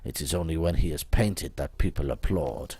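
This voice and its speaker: A man's voice: rumbling low, normal speed, mellow, slightly rough, no room sound, faint music behind, voice pushed down, full character voice. A man voicing a grand, scheming male hacker with a put-on French accent, who talks about himself in the third person. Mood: grave.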